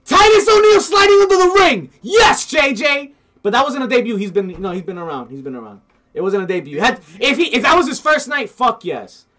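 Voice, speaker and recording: High, lively man in casual chat. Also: fast. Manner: animated, laughs often, repeats himself.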